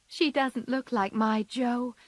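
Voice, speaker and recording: A shy, gentle young girl, as a woman reader puts her on, soft and quiet in a storybook reading, slow and close to a dry mic. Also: fairly high pitch, steady tone, no room sound, voice pushed up.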